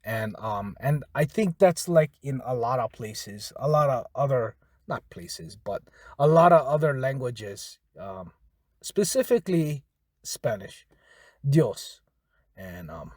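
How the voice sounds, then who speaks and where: Man, casual language teacher; animated pitch, dry close sound, repeats and spells words patiently. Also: takes it slowly, no room sound. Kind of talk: casual spoken language lesson.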